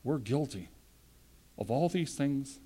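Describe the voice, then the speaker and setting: Earnest preacher man, loud then hushed. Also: expressive, takes it slowly, breathy edge. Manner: earnest, swings from loud emphasis to quiet, low-voiced asides. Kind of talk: sermon.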